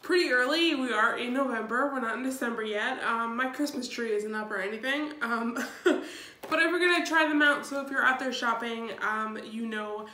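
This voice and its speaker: A woman's voice: a little high, normal speed, sharp tone, reverberant. A young woman in her twenties, a bit congested from a cold, chatting upbeat through a makeup tutorial with lots of ums. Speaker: beauty vlogger. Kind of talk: casual makeup tutorial chat.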